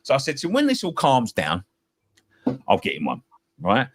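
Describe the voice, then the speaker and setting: A man's voice: mid-range voice, huge pitch swings, moderate pace, fairly bright tone, breathy edge. A middle-aged man from England, a football fan talking passionately, swearing and repeating himself. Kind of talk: heated fan-show chat.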